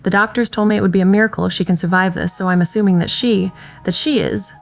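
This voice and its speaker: A woman reads a young male werewolf who is choked up with grief. He talks urgently and tearfully, and his voice keeps breaking. Soft music plays quietly under the reading. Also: mid-range voice, steady tone, fast talker, gravelly, lightly acted. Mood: grieving. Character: grieving young man, a werewolf's brother.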